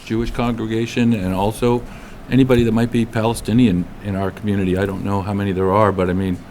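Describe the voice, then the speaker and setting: A board member at a town meeting, speaking in a halting, earnest way. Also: male voice, on the low side, flat delivery, darkish tone, slight background noise. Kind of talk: meeting remarks.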